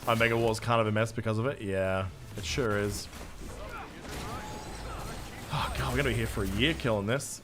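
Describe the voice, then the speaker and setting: A man's voice: on the low side, steady tone, moderate pace, long pauses, noisy background. Joking Australian man streaming a game. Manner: casual, jokey, self-mocking, swears freely. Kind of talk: live gameplay commentary, reading chat.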